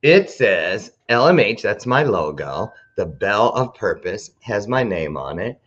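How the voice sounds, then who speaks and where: A man hosting a live talk show, chatting to camera in a rambling, animated way. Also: on the low side, measured pace, highs cut off.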